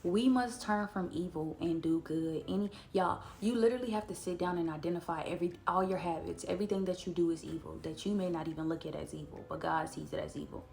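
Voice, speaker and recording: A woman, chatting earnestly about scripture and slowing down to read verses aloud. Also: lowish voice, fairly even intonation, creaky, warm tone, faint music behind. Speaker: Bible study vlogger. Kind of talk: casual devotional talk to camera.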